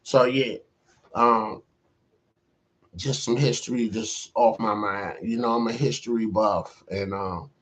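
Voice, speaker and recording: A man's voice: on the low side, fairly even intonation, slow, fairly bright tone. A middle-aged man casually telling a story to the camera, rambling and full of "you know" fillers. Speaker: vlogger.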